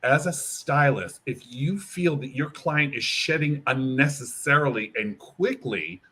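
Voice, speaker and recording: A man, a hair care brand educator, explaining and demonstrating a product in an animated interview, acting out bits of client dialogue. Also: medium pitch, measured pace, breathy edge.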